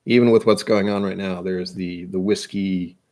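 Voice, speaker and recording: Young American man, whiskey vlog host, casual self-mocking musings, slightly low voice. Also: fairly even intonation, normal speed, darkish tone. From United States. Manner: self-deprecating, musing aloud. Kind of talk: casual rambling monologue.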